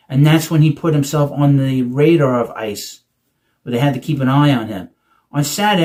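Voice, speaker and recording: A man's voice: on the high side, a little mellow. A man hosting political commentary, reading quotes aloud and breaking in with sarcastic asides. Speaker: commentary host.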